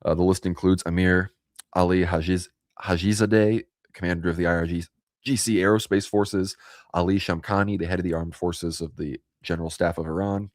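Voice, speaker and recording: A man with a very deep voice and hiccups gives casual political commentary on a live stream, reading out news and viewer comments. The sound is dry and close, with no room around it. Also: fairly even intonation, normal speed, no echo. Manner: reads out news and chat comments. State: has hiccups. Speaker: co-host.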